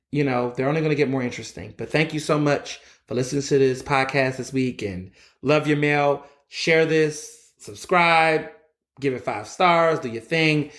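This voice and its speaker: Speaking at medium pitch in an echoey room, this man hosts a solo podcast out of Philadelphia. The rant is blunt, with lots of profanity.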